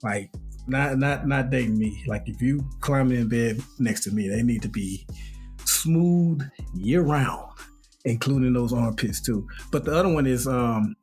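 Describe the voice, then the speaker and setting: A man's voice: medium pitch, measured pace, a little mellow, soft background music. A man co-hosting a podcast, chatting in a laid-back way and laughing often. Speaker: podcast co-host. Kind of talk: casual chat.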